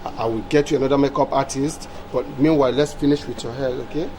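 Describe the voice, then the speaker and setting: An actress playing a harried TV producer who pleads and stammers. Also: female voice, a bass voice, fairly even intonation, fast talker, background noise. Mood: pleading. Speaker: TV producer character.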